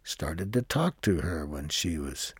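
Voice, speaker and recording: A man who leads workshops, telling a personal story in a slow, reflective way and acting out the dialogue. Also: a bass voice, very animated, husky, dry recording. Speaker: workshop leader. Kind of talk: personal storytelling between songs.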